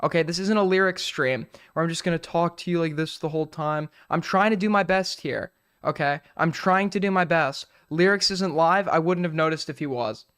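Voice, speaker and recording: A young man hosts his live stream in a high, clean voice. He rambles and jokes crudely, often restarting his sentences. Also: brisk, fairly bright tone, clear, resonant tone. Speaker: streamer host. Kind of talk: casual live-stream chat.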